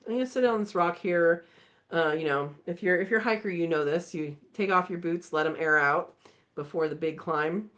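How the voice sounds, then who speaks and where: A woman hosting a live chat, telling a story in a casual, animated way and acting out the voices. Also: lowish voice, normal speed, dull audio. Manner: animated, acts out voices in her stories. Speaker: channel host.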